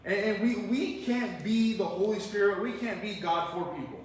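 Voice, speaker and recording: With a voice pitched high for a man, a pastor moves at a moderate pace through a verse-by-verse sermon, chatting naturally and putting rhetorical questions to his congregation. The mic sits far away in an echoey hall, so the sound is distant and heavily reverberant, with faint room noise beneath.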